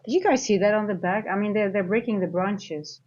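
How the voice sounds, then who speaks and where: A woman's voice: mid-range voice, brisk, a little mellow, highs cut off. Chatty woman trader thinking aloud. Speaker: futures trader and trading coach. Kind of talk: casual live-stream trading commentary. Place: at home, near a kitchen.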